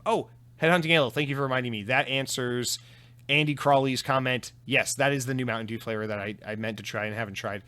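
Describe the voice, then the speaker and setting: This solo podcaster talks fast in a medium-pitched, sharp voice that stays steady in tone. He goes through listener comments, rambling casually with restarts, repeated words, and the occasional swear, often poking fun at himself.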